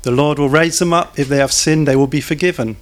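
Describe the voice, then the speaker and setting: A man's voice: a little high, quick pace. A man preaching a sermon in a church, talking conversationally, putting questions to the congregation and cracking small jokes.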